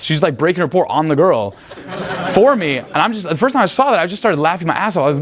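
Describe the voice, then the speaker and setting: A man's voice: a little high, expressive, a bit bright. A man coaching a live group in a room, talking in a chatty, profane way and tagging many points with "right?". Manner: rapid, profane, chatty, asks "right?" often. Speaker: dating coach. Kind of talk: live seminar talk.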